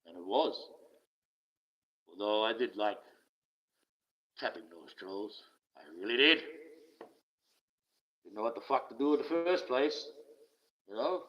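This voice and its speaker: Older aussie bloke venting, swears a lot, kinda dull lo-fi sound. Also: male voice, fairly low pitch, a little slow, long pauses. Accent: Australian. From Australia. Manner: swears often, bitter and rambling, with wry laughs. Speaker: online streamer. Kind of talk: casual rant. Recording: slightly dull lo-fi audio.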